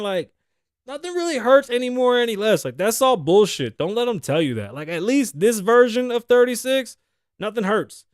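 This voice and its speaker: A man in his thirties hosting his own podcast, riffing in a loud, joking, profane way. His voice sits high and swings up and down a lot. The sound is dry and close, with no room around it. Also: no room sound. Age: 30s. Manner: profane, animated, joking, laughs often. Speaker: podcast host. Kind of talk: casual solo podcast rant. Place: studio.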